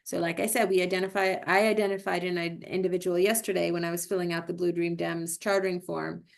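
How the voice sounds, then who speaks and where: A woman's voice: fairly low pitch, little pitch movement, quick pace, vocal fry. A woman club president walking a meeting through a chartering form, talking casually with fillers and self-corrections. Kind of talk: instructional walkthrough, screen-share presentation. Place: video call or recorded meeting.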